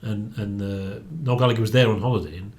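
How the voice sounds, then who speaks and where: A man's voice: on the low side, steady tone, fast talker, darkish tone. A man, chatting casually as co-host of a book review, laughing often and repeating words as he thinks. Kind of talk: casual chat.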